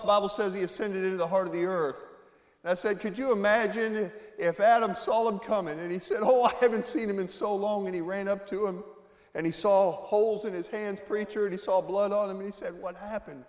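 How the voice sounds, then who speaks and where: A man from Florida preaching an emotional testimony sermon as guest preacher, dropping to a hush and rising to loud cries. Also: high voice, fairly even intonation, brisk. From Florida, USA. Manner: emotional, swings from hushed to loud exclaiming. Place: church sanctuary. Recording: echoey church hall, long reverb.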